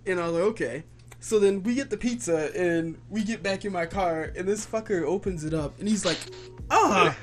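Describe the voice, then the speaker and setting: A man's voice: sits high, brisk, faint music behind. A young man co-hosting a casual podcast, teasing his friend while acting out quotes in a story. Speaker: podcast co-host. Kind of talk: casual chat.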